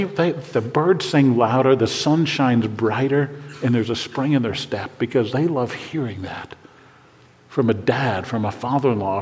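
An older man preaching a sermon to fathers, earnest and dropping to a hushed voice when praying. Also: mid-range voice, long reverb tail. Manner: earnest, drops to a hushed voice for prayers. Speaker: pastor.

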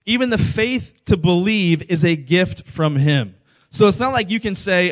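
A man's voice: sits high, expressive, moderate pace. A man in his thirties preaching a sermon to a congregation, conversational and telling stories with quoted dialogue. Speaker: pastor.

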